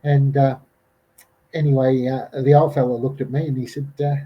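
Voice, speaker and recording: On a muffled recording, a middle-aged Australian man tells a rambling bush camping story as a podcast guest, stumbling through fillers and restarts and quoting people loudly. His medium-pitched voice stays level at a moderate pace, with a breathy edge.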